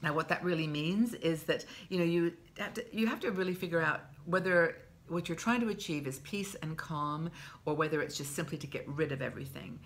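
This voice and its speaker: A woman in her sixties with a low voice and a gravelly touch of fry, talking straight to camera as a vlog host. She is chatty and heartfelt, often starting a phrase over as she goes. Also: a little fast. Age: 60s. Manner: chatty and heartfelt, with frequent restarts. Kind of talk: casual advice talk to camera.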